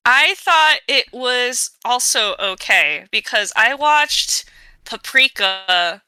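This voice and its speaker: A woman's voice: a little high, animated, takes it slowly, sharp tone, clear, resonant tone, dry recording, rough recording. A woman co-hosting a podcast in casual chat, rambling and outgoing, with lots of fillers and restarts. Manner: outgoing and chatty. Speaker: podcast co-host.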